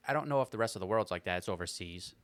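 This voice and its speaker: A man's voice: fairly low pitch, expressive, very fast, a bit bright, no echo. A young American man co-hosting a podcast in easygoing casual chat, swearing now and then. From United States. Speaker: podcast co-host.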